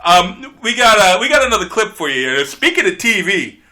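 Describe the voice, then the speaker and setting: A man's voice: high-pitched, sing-song, brisk, sharp tone. Sex: man. Role: podcast guest host. Style: casual comedic chat. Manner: rambling, brash, laughing.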